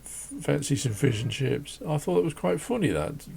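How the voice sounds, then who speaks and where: A man hosting a drawing channel, chatting casually and rambling as he draws, self-deprecating and laughing often, with a croaky voice. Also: medium pitch, animated, moderate pace, warm tone. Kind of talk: casual chat while drawing. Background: faint classical music.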